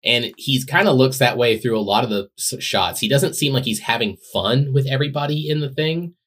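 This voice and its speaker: A man's voice: medium pitch, fairly quick, a bit bright, husky. A man co-hosting a casual podcast, talking with dry, understated humor. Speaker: podcast co-host.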